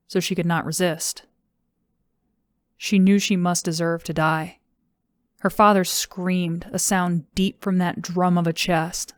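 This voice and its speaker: Low, even-toned woman narrator. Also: clear, resonant tone, no room sound, clean studio sound. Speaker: audiobook narrator. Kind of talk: scripted narration.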